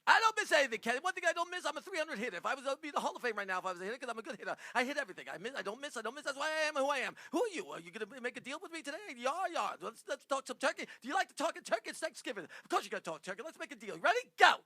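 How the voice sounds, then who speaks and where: A man putting on the voice of a brash, fast-talking male talent agent during a prank call, with pushy, rapid-fire sales patter. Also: very high-pitched, very animated, sharp tone, no echo, clean studio sound, pitched above the performer's own voice, heavily acted. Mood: boastful.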